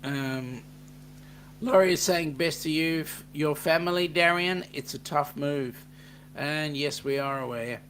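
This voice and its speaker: A man's voice: a little high, a little slow, fairly bright tone, a little hiss or hum. A man with an Australian accent co-hosting a casual livestream chat, reading out viewer comments with a joking, teasing manner.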